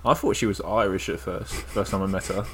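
Young British man telling stories, low voice. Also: steady tone, brisk, husky. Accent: British English. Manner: swears freely, laughs through his stories. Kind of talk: casual chat.

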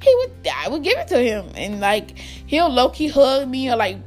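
Lively high-voiced woman telling a storytime. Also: normal speed, faint music behind. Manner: chatty, addresses viewers directly, laughs often. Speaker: vlogger. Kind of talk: casual storytime vlog.

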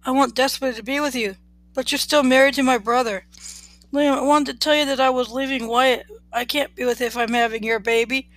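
A woman's voice: high voice, steady tone, a little fast, fairly bright tone, dry recording. A woman reading the part of a pregnant young woman torn between two brothers, in an earnest, pleading way.

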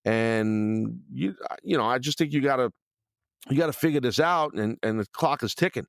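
A man's voice: medium pitch, lively intonation, moderate pace, gravelly, no echo, clean studio sound. A middle-aged man hosting a podcast, talking bluntly and rambling through listener questions with lots of fillers and restarts. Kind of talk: casual opinion talk.

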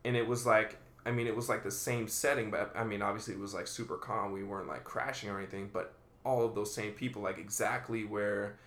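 A man's voice: on the low side, fairly even intonation, fairly quick, a bit bright, roomy sound. A man in a laid-back chat, telling a story with lots of swearing and filler words.

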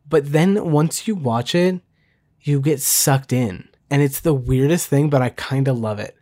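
Man, solo podcast host, casual chat, rambling, fillers, self-deprecating, fast talker. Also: medium pitch, mellow. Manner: rambling, many fillers and restarts.

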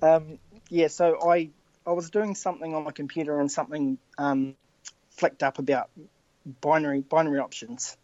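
A man's voice: fairly high pitch, steady tone, normal speed, darkish tone, no room sound, muffled recording. A man from New Zealand with a strong New Zealand accent, a guest in a casual interview, talking modestly and a little nervously. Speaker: podcast guest.

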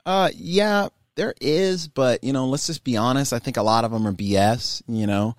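A man's voice: mid-range voice, moderate pace, no room sound, studio quality. A young adult man, a climbing business owner, talking candidly and rambling with many fillers in a casual interview.

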